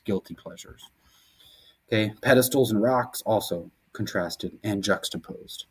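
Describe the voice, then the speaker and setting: Chatty male teacher lecturing. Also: medium pitch. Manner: conversational, explains terms with casual asides and quick rhetorical checks. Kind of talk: recorded classroom lecture over slides.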